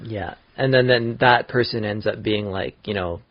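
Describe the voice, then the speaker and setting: A man's voice: lowish voice, normal speed, dry recording. A man co-hosting a podcast, chatting casually, often restarting and trailing off. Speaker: podcast co-host. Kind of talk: casual chat. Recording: dry, dull lo-fi podcast audio.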